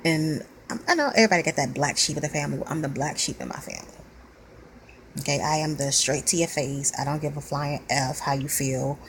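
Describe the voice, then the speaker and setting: A woman's voice: low voice, expressive, brisk, slight background noise, poor audio. A woman venting in a blunt, weary monologue, close to tears. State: near tears. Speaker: vlogger.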